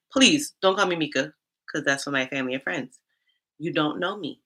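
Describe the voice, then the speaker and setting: A woman's voice: low-pitched, normal speed. A middle-aged woman from Charleston with a Southern accent, chatting casually and sassily with viewers on a livestream. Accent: Southern US Black vernacular, Charleston Geechee. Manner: animated, sassy, talks back to chat comments. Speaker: livestream host, HR coach.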